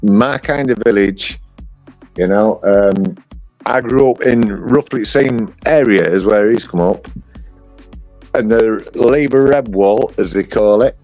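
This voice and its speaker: A man with a northern English accent hosting a livestream, speaking earnestly in halting, repeated phrases. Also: lowish voice, darkish tone, soft background music. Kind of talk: casual livestream commentary.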